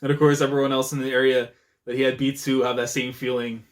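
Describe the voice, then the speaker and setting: A man's voice: medium pitch, little pitch movement, fast. A young man giving casual live reaction commentary while watching anime. He laughs often and throws in slangy asides.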